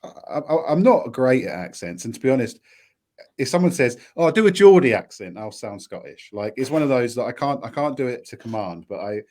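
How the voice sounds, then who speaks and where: A man co-hosting a podcast in casual chat, with a deep radio-style voice and a rambling, self-deprecating way of talking. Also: animated, brisk, a little mellow. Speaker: podcast co-host.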